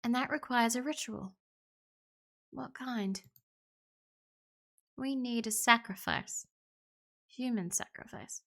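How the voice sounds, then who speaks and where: Slow, bright-voiced woman streamer. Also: on the high side, vocal fry. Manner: slips into a playful pirate brogue; chatty, laughs often, talks to her pet and chat. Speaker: streamer reading a story game aloud. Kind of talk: live game playthrough with voiced characters.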